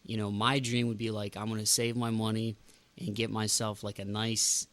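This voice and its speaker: A man's voice: fairly low pitch, flat delivery, moderate pace, a bit bright. A man hosting a podcast in casual chat, ranting with emphatic outbursts. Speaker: podcast host.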